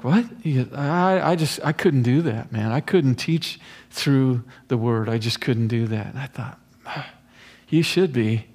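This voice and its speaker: Earnest preaching man, slightly high voice. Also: a little mellow. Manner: earnest, conversational preaching with folksy asides. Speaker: pastor. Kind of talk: expository sermon.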